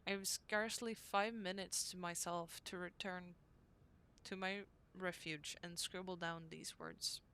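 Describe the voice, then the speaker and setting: A woman reading aloud the diary entries of a young woman devoted to her brother, in an earnest, unhurried way. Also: on the low side, fairly even intonation, bright, forceful tone, clean tone.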